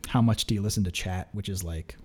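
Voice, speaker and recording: A man's voice: deep voice, brisk, a little mellow. A man hosting a podcast in a laid-back way, swearing casually and laughing easily. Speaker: podcast host and commentator.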